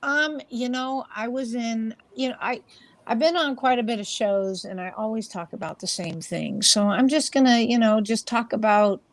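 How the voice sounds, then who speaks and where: A woman's voice: fairly high pitch, normal speed. A woman being interviewed as a paranormal investigator, telling rambling, chatty stories and acting out the voices of the people in them. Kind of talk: casual interview storytelling.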